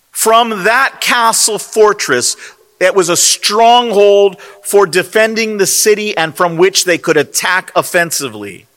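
A man preaches in an emphatic, rhetorical style, his high, bright voice swinging widely in pitch. He takes his time, stressing single words one by one. A long hall reverb trails every phrase. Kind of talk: sermon. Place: convention hall.

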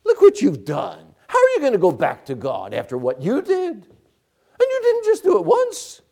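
A man's voice: very high-pitched, huge pitch swings, normal speed, vocal fry, pitched above the performer's own voice, exaggerated voice. A pastor voicing a taunting male devil who mocks a sinner with scornful, rising accusations. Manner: mocking, scornful, rising to a shout.

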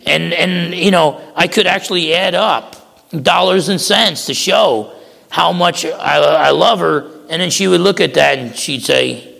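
Gravelly man preaching in a hall. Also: a little high, measured pace, a bit bright. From New Jersey. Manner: folksy, repeats words, tells stories. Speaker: pastor. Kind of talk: sermon. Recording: long hall reverb.

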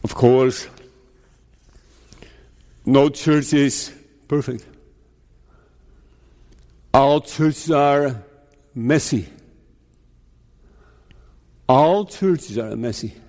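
A man preaching a sermon as pastor, slow and deliberate, putting rhetorical questions to his listeners. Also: mid-range voice, a little mellow. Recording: long reverb of a large hall.

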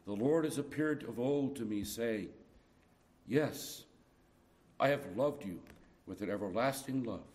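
A middle-aged man preaching a sermon, moving from soft, tender passages to loud, urgent appeals. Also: mid-range voice, a little slow, pauses often.

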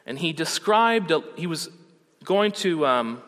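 A man's voice: on the high side, expressive, measured pace, a bit bright. Earnest man preaching in a reverberant hall. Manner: earnest preaching with rising rhetorical questions. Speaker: pastor. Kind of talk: sermon.

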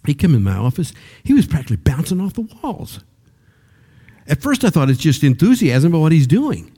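Older preacher with a mellow voice. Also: male voice, big pitch swings, fairly quick, slightly rough. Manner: conversational preaching that rises to emphatic high-pitched peaks; repeats words when starting sentences. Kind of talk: sermon.

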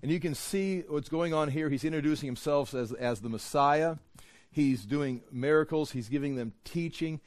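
A man's voice: on the high side, moderate pace, darkish tone, dry recording. Conversational male Bible teacher, dry sound. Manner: conversational, repeats words and restarts, acts out quotes. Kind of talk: expository sermon.

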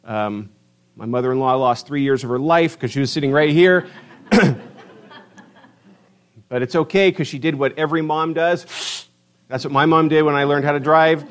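A middle-aged man preaching a sermon in a church, telling stories and stretching out words for emphasis. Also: a little high. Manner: storytelling, emphatic drawn-out stresses. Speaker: pastor. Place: church sanctuary.

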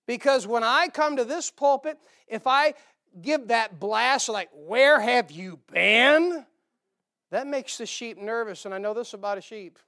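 Man preaching a lively sermon. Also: high-pitched, smooth. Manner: animated preaching, acts out quoted voices, quiet asides. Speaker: pastor.

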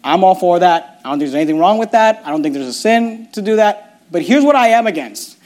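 A man's voice: high voice, lively intonation, brisk, a little mellow. A man preaching a sermon as pastor, emphatic and mocking in turns, often repeating his words. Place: church.

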